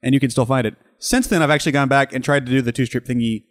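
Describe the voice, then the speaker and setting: A man chatting quickly over a movie with friends. He jokes a lot and wanders off into technical asides, at an ordinary mid pitch. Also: fairly even intonation. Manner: quick, joking, tangents into visual effects talk. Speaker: podcast co-host. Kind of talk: casual chat over a film commentary.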